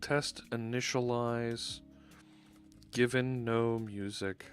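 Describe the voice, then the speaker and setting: Man, live-coding streamer, casual chatty narration with fillers, mid pitch, faint music under. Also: steady tone, slow pace. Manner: chatty, thinking aloud with fillers.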